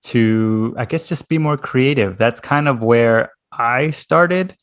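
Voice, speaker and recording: A man from the United States hosting a casual interview over a video call, relaxed and hesitant, with many fillers and laughs. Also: mid-range voice, takes it slowly. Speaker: podcast host, interviewer.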